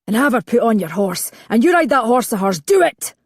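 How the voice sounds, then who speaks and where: A woman's voice: medium pitch, lively intonation, normal speed, dry recording, clean studio sound. A woman voicing a harsh, barking bandit man. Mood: commanding. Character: gruff balding male cattle thief, bullying.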